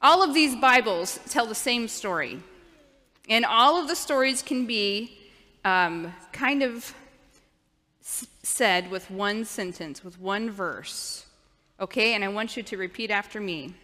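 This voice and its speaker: A woman with a bright, clear voice gives a children's sermon in a church sanctuary. She speaks slowly and patiently, coaching the children to repeat after her. Her voice carries a long reverb from the big hall. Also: medium pitch, lively intonation. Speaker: children's minister.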